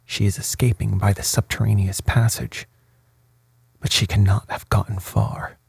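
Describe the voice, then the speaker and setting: A man's voice: fairly low pitch, no room sound, heavily acted. A man reading a wrathful tyrant prince. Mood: angry. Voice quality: hushed, breathy. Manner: slow, even storybook delivery.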